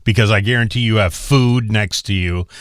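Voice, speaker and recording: A man's voice: fairly low pitch, moderate pace, no echo, clean studio sound. A man co-hosting a casual podcast chat, teasing and joking with his partner. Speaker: co-host.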